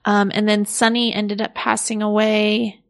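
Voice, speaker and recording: A woman in her thirties co-hosting a casual film podcast, friendly and quick with asides. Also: medium pitch, little pitch movement. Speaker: podcast co-host.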